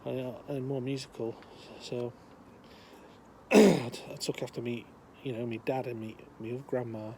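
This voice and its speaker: A man's voice: mid-range voice, steady tone, measured pace, vocal fry, a crowd in the background. An older man with a chatty, meandering manner, telling a long joke outdoors. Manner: meandering, chatty, many fillers. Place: outdoors, windy.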